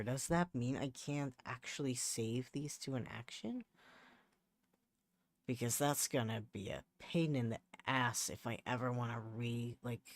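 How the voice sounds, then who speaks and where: This man chats casually on a livestream while working at home, muttering to himself a lot and restarting sentences in frustration. His voice is mid-range, and there's no echo.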